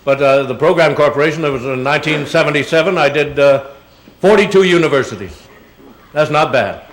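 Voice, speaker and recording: A man's voice: fairly high pitch, fairly quick. Older man telling rambling anecdotes. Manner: rambling anecdotes with many fillers and chuckles. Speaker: guest speaker answering audience questions. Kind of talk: public Q&A talk. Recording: echoey hall sound.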